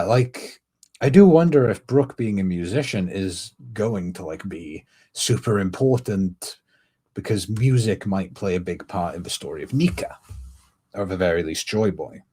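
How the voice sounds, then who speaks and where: A man's voice: low-pitched, animated, measured pace, a little mellow, breathy edge. A man streaming a casual reaction, rambling, musing aloud and laughing often. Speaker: streamer reacting to a comic chapter.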